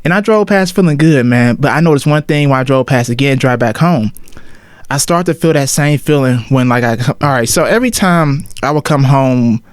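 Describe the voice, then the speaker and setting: A man's voice: mid-range voice, normal speed, smooth, no echo. A man in his twenties talking casually on his solo podcast, loose and slangy, often calling out to listeners as y'all. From Ohio. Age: 20s. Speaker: podcast host.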